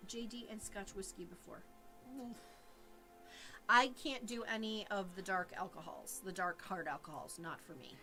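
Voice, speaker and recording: A woman's voice: mid-range voice, normal speed, sharp tone, soft background music. A woman co-hosting a casual livestream chat, chatty and opinionated, teasing her partner. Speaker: co-host.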